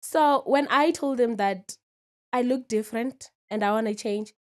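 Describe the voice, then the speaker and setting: A woman's voice: a little high, a little slow. Twenty-something woman guest, talks openly, keeps checking you're following. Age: 20s. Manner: candid, keeps asking "you understand?". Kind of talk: casual interview.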